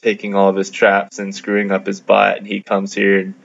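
A man from Canada tells a gaming story in a low, gravelly voice that barely rises or falls, amused and loose with his fillers. It sounds like a dull, lo-fi mic recording. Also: monotone, brisk, fairly bright tone, a little hiss or hum. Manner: laid-back, amused, many fillers. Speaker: gamer narrating a video. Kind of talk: casual storytelling over gameplay.

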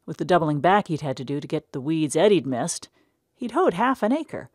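Low-voiced woman reading a story. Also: big pitch swings, darkish tone, no echo, clean studio sound. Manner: measured, unhurried. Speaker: narrator. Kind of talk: audiobook story narration.

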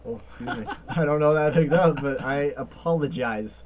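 A man's voice: on the high side, moderate pace, highs cut off. A man chatting casually and joking as co-commentator on a let's play, laughing often. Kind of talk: casual gaming chat.

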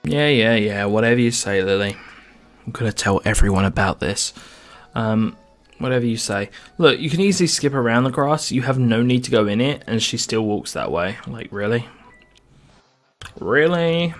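A man's voice: mid-range voice, moderate pace. A man casually commenting while he plays a game on stream, with sarcastic and crude joking asides. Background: faint game music.

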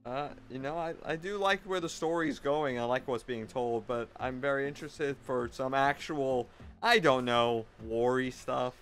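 A man's voice: mid-range voice, moderate pace, fairly bright tone. Dude pushing his point hard in a chill chat, mid voice, bit of music under. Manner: insistent, argumentative, explains his point. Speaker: co-host of a reaction channel. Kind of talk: casual reaction discussion.

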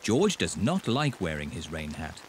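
Male narrator, children's cartoon, calm and plain, lively pitch, music behind. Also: measured pace. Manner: calm and matter-of-fact.

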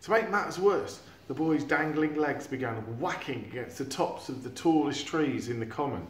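Animated man reading a story. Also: fairly high pitch, normal speed. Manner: animated, with sound effects. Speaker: teacher reading to a class. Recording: echoey room.

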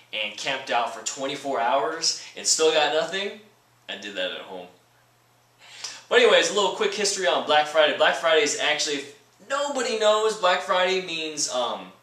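A man rants sarcastically in a vlog, joking as he rambles. His voice is bright and sharp. It sounds roomy and echoey, picked up from some distance. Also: medium pitch. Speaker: vlogger. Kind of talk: comedic rant vlog. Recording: roomy echo from a distant mic.

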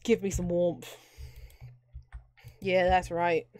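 A young woman streams a video game with chatty, jokey commentary, giggling often, yet her voice is lowish and darkish, slow, with little pitch movement. There's no room sound in the recording.

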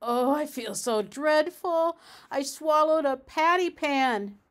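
A woman's voice: sits high, lively intonation, unhurried, voice pushed up. A woman voicing a greedy, anxious female dog who whines and frets in a storybook reading. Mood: whining. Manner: whiny, fussy. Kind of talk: storybook read-aloud.

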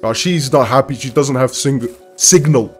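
A man hosting a reaction video, exclaiming and laughing often as he comments excitedly. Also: medium pitch, normal speed, faint music behind.

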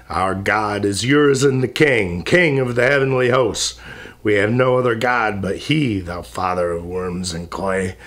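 A man voicing a furious, proud male god in a slow, defiant declamation. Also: mid-range voice, fairly bright tone, natural voice.

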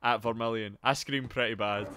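A young man with a Geordie accent streaming a video game live, swearing, yelling and shouting out to his chat. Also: mid-range voice, very noisy. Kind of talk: live gameplay commentary.

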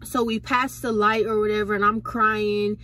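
A woman's voice: medium pitch, little pitch movement, normal speed, fairly bright tone. A young woman casually telling a storytime to her viewers, chatty and full of slang. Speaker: vlogger.

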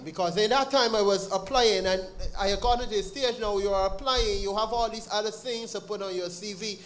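A man with a Barbadian accent giving an earnest, animated personal testimony at a church service. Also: a little high, slight background noise. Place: church sanctuary. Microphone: live-streamed service mic.

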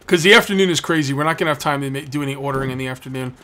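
A man's voice: medium pitch, racing, bright, forceful tone. A man hosting a let's play, giving casual gameplay commentary and joking with the game's customers as he goes. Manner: jokey, chats with game customers.

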